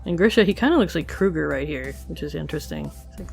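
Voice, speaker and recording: An anime reviewer talks through an episode in a relaxed, musing way, pausing on fillers as the thoughts come. The voice sits at a middle pitch. Quiet music plays underneath. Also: creaky. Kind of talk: casual episode review while drawing. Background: faint background music.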